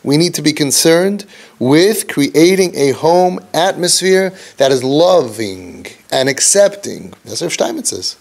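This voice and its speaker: Earnest man giving a preachy lecture. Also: gravelly. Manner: earnest, preachy, with Yiddish and Hebrew terms; dips low and soft, then rises for emphasis. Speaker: parenting counselor and speaker. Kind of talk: impassioned lecture.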